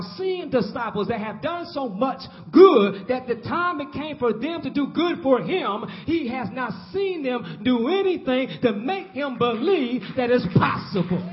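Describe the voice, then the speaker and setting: A man preaching a sermon. He repeats lines for emphasis and calls on the congregation to respond. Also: extremely high pitch. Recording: dull lo-fi recording.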